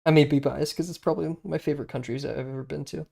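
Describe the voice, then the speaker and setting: A man's voice: fairly high pitch, steady tone, quick pace, vocal fry, warm tone. A young man, chatting casually on a live stream while he draws, rambling with many fillers and restarts.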